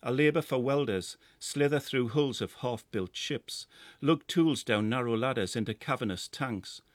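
Geordie male narrator, middle-aged, measured lyrical read, mid pitch, dry booth sound. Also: no echo. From North East England. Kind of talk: scripted first-person narration.

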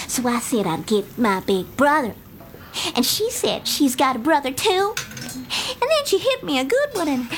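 A blunt, defiant young girl tumbles through her story in breathless rural dialect, as a woman acts her out. Her voice sits high and swings widely. A faint hiss runs underneath. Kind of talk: stage drama acting.

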